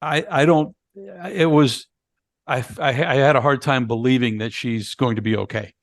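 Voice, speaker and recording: A male podcast co-host goes through a movie's storyline step by step in a laid-back review, peppered with fillers and restarts. He speaks at a normal speed with a medium pitch, in a dry, studio-quality recording.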